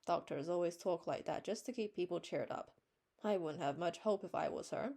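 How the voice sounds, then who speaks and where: A woman's voice: fairly low pitch, normal speed, dark tone. A woman voicing a sour, pessimistic spinster in her late fifties from a storybook, speaking bluntly and dismissively. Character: gloomy 57-year-old spinster, sour pessimist.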